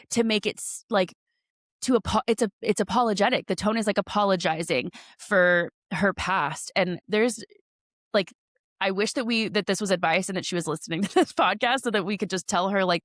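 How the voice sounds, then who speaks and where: A woman's voice: medium pitch, fairly bright tone, no echo, clean studio sound. A woman co-hosting a podcast, speaking candidly and sympathetically in a rambling casual chat. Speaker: podcast co-host.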